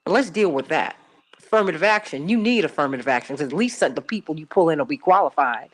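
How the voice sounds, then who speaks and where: A woman's voice: low voice, expressive, fast. A middle-aged woman from Chicago hosting a call-in radio show, telling a personal story emphatically and repeating herself for stress. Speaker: radio talk show host.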